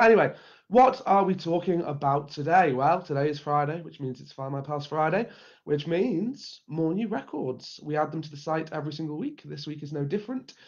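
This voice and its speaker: Male host, slightly croaky, friendly live-stream chat, higher pitch, muffled stream sound. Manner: chatty, greets viewers by name.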